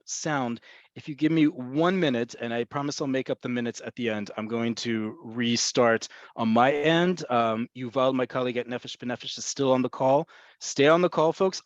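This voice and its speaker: A man's voice: mid-range voice, dry recording. Guy teaching slang on a video call, keeps repeating stuff, sound kinda muffled and dry. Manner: explanatory, repeats points, addresses folks. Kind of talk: webinar lesson. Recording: muffled webinar audio, cutting in and out.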